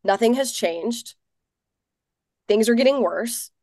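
This guest, a thirties-aged political organizer from Tennessee, shares her story in a casual interview set in an office, speaking earnestly and animatedly with plenty of fillers. Her pitch sits fairly high and her pace is slow, captured as clean studio sound without echo.

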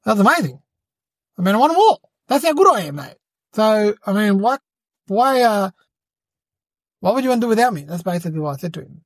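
Cheeky young boy as an adult voices him, fibbing braggart, rambling comedy monologue, mid-pitched, dry sound. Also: very animated, brisk, pauses often, no echo. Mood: boastful. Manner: rambling, fibbing, says "mate" and "and stuff". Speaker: podcast host.

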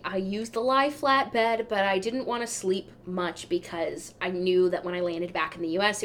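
A woman hosting a podcast, telling a travel story in a casual, animated way, her voice jumping up when she gets excited. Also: lowish voice. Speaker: podcast host.

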